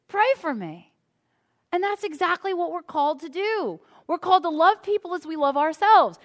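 A woman pastor preaching a conversational sermon to a congregation, acting out little prayers as she goes. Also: sits high. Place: church before a congregation.

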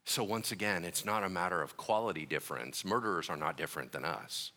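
A man preaching a sermon, an animated and joking storyteller who acts out little voices in his asides. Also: deep voice, fast. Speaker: pastor.

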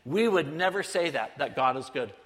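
Animated high-voiced man preaching in a hall. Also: normal speed. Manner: animated, acts out voices of others. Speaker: missionary speaker. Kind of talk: sermon storytelling. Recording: long hall reverb.

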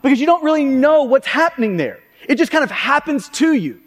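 A pastor with a very high voice for a man preaches a sermon in a chatty, brisk, sing-song way. He keeps checking in with listeners through tag questions and often restarts sentences, his voice trailing off into the long reverb of a large church hall.

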